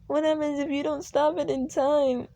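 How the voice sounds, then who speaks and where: A woman's voice: high voice, level tone, moderate pace, dark tone, no echo, dull audio, pitched above the performer's own voice. A woman voicing a frightened little girl who calls for her mother. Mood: fearful.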